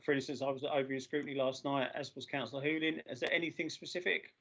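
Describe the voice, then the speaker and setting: A man chairing a formal council meeting over a video call, halting with many filler sounds and losing his voice. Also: medium pitch, fairly even intonation, sharp tone. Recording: dull lo-fi video call audio.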